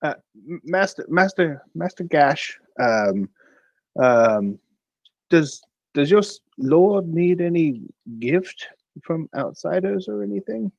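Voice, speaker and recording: Slow, stammering male tabletop player. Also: on the high side, expressive, gravelly, darkish tone, dry recording, highs cut off. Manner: halting, stammering in character. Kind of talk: tabletop role-play.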